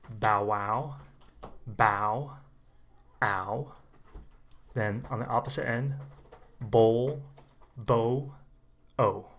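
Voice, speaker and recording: A man runs a casual pronunciation lesson as a conversation coach, speaking at an ordinary mid pitch. He talks in a relaxed, chatty way and slows down to repeat each sound for learners. It is one unedited take recorded on a camera mic. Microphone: camera mic, unedited single take.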